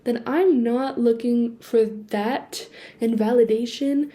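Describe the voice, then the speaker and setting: A woman's voice: fairly high pitch, slow. A young woman vlogging at home into a built-in laptop mic, talking animatedly and bursting into snatches of song. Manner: animated, swings between quiet musing and bursts of excitement; sings snatches of songs between sentences. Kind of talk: casual sit-down chat to camera. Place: indoors at home, seated.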